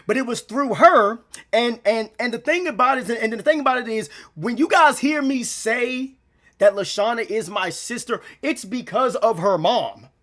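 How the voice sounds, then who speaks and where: Brief: young male vlogger, high voice, rambling heartfelt monologue, on the edge of tears. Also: animated, normal speed, a bit bright. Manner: rambling, repeats himself, slangy. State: near tears. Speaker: gaming channel vlogger. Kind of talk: emotional unscripted monologue.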